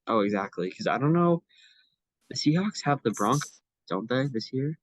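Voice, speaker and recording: A man's voice: mid-range voice, lively intonation, moderate pace, no echo, rough recording. A young man co-hosting a casual sports podcast, talking in a chatty way with many fillers and restarts. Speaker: podcast co-host.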